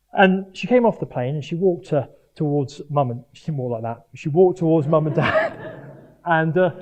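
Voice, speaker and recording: Higher-voiced man preaching, from Jersey. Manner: earnest, animated preaching with self-mocking humour. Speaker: speaker at a Christian sports event. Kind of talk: sermon. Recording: dull lo-fi live talk recording.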